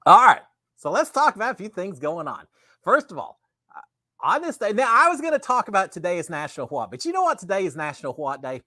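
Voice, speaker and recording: A middle-aged man with a drawl runs a relaxed live stream, talking fast in a chatty, rambling way. His pitch swings up and down a lot, and the recording is dry and close.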